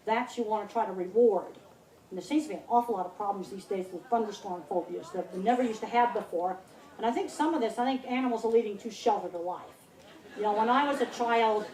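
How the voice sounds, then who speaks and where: A woman's voice: on the high side, darkish tone. A woman in her sixties giving a blunt, emphatic public talk at an outdoor country fair, repeating words for stress. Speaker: speaker. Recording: roomy, distant mic, faint noise.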